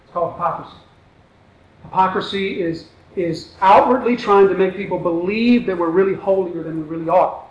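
A man's voice: high-pitched, brisk, highs cut off. A man preaching a sermon, reading scripture aloud and then explaining it in a conversational way with rhetorical questions. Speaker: pastor. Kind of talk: expository sermon.

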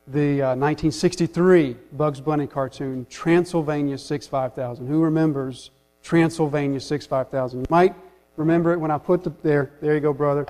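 Storytelling preacher with a fairly high voice. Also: male voice, a little mellow. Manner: storytelling, conversational, addresses the congregation directly. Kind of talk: sermon.

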